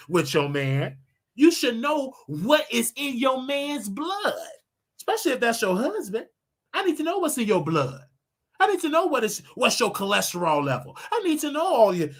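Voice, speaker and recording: Man, livestream host, casual talk, bright voice, very lively pitch, preachy. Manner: animated, preachy, laughing asides.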